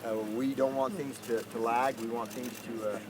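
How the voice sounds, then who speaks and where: A man's voice: mid-range voice, little pitch movement, moderate pace, very noisy. A man with a drawl, a rancher answering reporters at an outdoor press conference, talking in a folksy, earnest way that turns emphatic.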